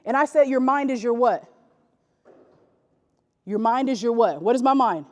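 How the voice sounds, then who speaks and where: A woman giving a motivational talk to young basketball players, leading energetic call-and-response. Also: a little high, moderate pace. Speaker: youth basketball motivational speaker. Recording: echoey gym from a distance.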